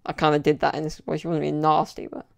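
A man's voice: a little high, completely flat delivery, fast talker, vocal fry. A young man telling stories in a casual solo podcast, rambling and chatty with lots of "like" and "you know". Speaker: podcast host.

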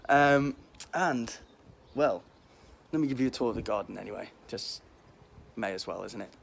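A man's voice: mid-range voice, moderate pace, vocal fry. Cheeky young guy with mild scouse twang. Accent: mild Liverpool. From Liverpool, England. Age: 20s. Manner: cheeky, rambling, self-mocking. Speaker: vlog host. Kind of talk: casual joking vlog. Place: outdoors in a windy back garden. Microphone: phone held while walking. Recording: faint wind noise outdoors.

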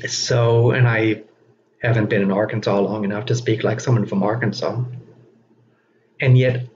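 A man giving a recorded teaching lecture, speaking slowly and deliberately with frequent fillers. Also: on the low side, steady tone, a little mellow. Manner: slow, deliberate, self-aware delivery with frequent fillers. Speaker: instructor. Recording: dull lo-fi recording with faint noise.

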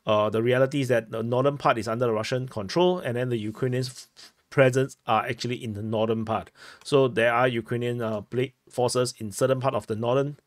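A man's voice: mid-range voice, fairly even intonation, brisk, dry recording, clean studio sound. A man hosting a war situation briefing over a map, often correcting himself mid-sentence and playfully trying out put-on accents. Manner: hesitant, many self-corrections. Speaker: host and war analyst.

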